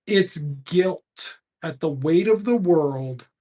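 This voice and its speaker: A man voicing a pompous male doctor from the nineties, lecturing in a slow, preachy, solemn way. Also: fairly high pitch, expressive, warm tone.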